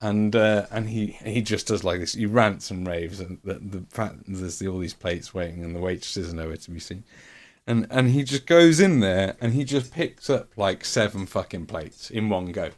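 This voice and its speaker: A man's voice: fairly low pitch, moderate pace. A man streaming, telling a rambling story with lots of swearing and fillers. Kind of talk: casual storytelling.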